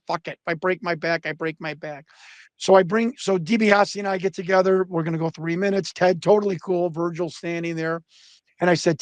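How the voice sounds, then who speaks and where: Middle-aged man, high-pitched, swearing storyteller, dry close recording. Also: no echo. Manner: profane, animated anecdotes with quoted voices. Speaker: guest storyteller. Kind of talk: casual storytelling.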